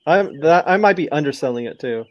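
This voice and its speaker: A man co-hosting a sports podcast, quiet and hesitant in casual chat. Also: fairly high pitch, animated, brisk, lo-fi sound. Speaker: podcast co-host.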